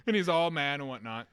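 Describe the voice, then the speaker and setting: A man's voice: fairly high pitch, smooth. A young man, a podcast co-host, telling a funny story in casual chat, laughing and acting out voices. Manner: animated, laughing storyteller acting out a kid's screams.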